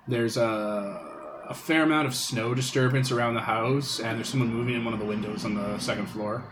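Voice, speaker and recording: A laid-back man runs a tabletop role-playing game as game master, describing scenes in loose, casual talk with the odd swear word. His voice sits at an ordinary middle pitch, with faint music underneath. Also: normal speed, low-quality recording.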